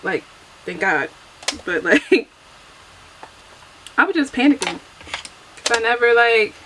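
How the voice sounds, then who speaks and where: A woman's voice: mid-range voice, fairly bright tone, slight background noise, low-quality recording. A young adult woman chatting casually through a get-ready-with-me makeup vlog, chatty and self-deprecating, laughing often, recorded on a camera mic at home. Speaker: beauty vlogger.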